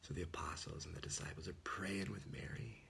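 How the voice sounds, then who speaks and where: A man's voice: sits low, steady tone, brisk, creaky, fairly bright tone. A man giving an earnest, informal Christian talk, often dropping to a whisper. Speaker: Catholic speaker. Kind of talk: casual sermon.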